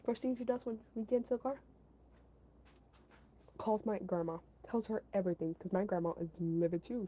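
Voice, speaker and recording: Young woman telling a story, mellow voice. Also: medium pitch, normal speed, long pauses, rough recording. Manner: animated, emphatic, with frequent restarts and acted quotes. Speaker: content creator. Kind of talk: casual storytime monologue.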